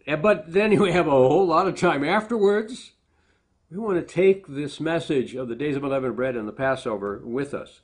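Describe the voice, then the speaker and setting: Man, pastor, sermon, husky voice, reads verses with emphasis, plain asides. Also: mid-range voice, moderate pace. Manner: reads scripture aloud with rising emphasis, then explains plainly.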